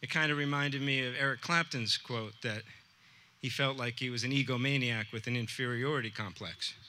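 A man's voice: mid-range voice, fairly quick, pushed and bright. A man, a teacher, telling a personal story to a live audience in an earnest, conversational way. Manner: earnest, conversational, with quoted dialogue.

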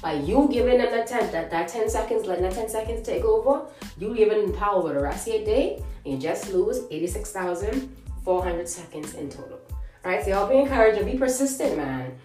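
A woman delivers a casual devotional talk with animated, emphatic energy. Her voice swings widely in pitch. It sounds roomy and a little distant, with soft music underneath. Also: a little fast. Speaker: devotional podcast host.

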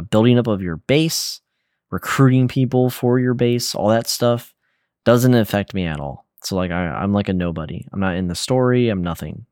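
Deep-voiced laid-back young man. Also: clean tone, no echo, clean studio sound. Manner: relaxed, rambling, lots of fillers and slang. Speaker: podcast co-host. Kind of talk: casual gaming podcast chat.

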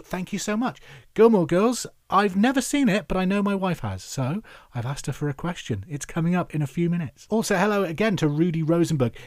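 A man from England hosting a trivia podcast, chatty and upbeat, reading out each question slowly and then again. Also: on the high side, a little mellow, no echo, studio quality. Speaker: quiz host.

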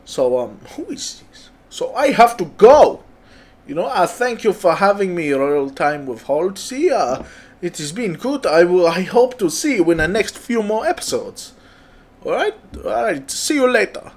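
A man's voice: sits high, big pitch swings, a little slow, heavily acted. A distracted, rambling bloke, as a man puts him on who stumbles through fillers before leaving. The voice stays close to an everyday speaking voice. His phrasing wanders and halts.

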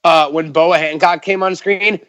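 A male podcast guest with a high voice who tells stories with a lot of energy and swears freely along the way. He speaks close to the mic in a dry, roomless sound. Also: normal speed, dry recording. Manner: animated storyteller, swears freely. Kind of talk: casual podcast chat.

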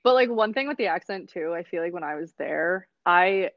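A woman's voice: lowish voice, animated, a little fast, no room sound. Chatty young woman, lo-fi sound. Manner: chatty, lots of fillers. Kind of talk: casual chat.

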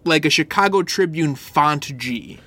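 A man's voice: on the high side, animated, measured pace, a crowd in the background. A man co-hosting a casual comic book podcast, enthusiastic and filling his talk with "like" and "uh" as he describes details. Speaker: podcast co-host.

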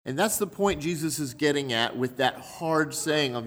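A man's voice: fairly high pitch, expressive, moderate pace, a bit bright. A man preaching a sermon in a conversational way, explaining his points through everyday examples.

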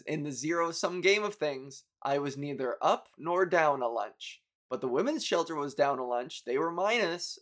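A young man with a slightly high voice talks through a personal story on his podcast. He rambles, swears freely and mocks himself, flaring up now and then in exasperation. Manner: rambling, profane, self-mocking storytelling with bursts of exasperation. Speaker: podcast host. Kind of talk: casual podcast monologue.

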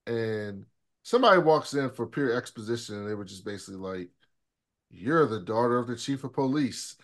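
A man co-hosts a casual TV recap podcast in a relaxed, profane way, walking through scenes and quoting the characters' lines. His voice sits at an ordinary middle pitch. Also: a little fast. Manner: laid-back, profane, retells scenes with quoted dialogue. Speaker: podcast co-host. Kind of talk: casual chat recapping a TV episode.

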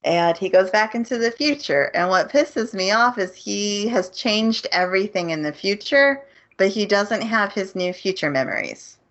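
A woman co-hosting a podcast, recapping a show's plot in a casual, animated way and acting out the characters' lines. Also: mid-range voice, moderate pace. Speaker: podcast co-host. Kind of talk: casual chat. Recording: muffled lo-fi audio.

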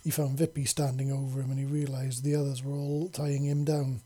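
A man reads a story aloud in a calm, even pace. His voice is dark and mellow, with a husky, breathy grain. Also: mid-range voice, brisk, hardly any pauses. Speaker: narrator.

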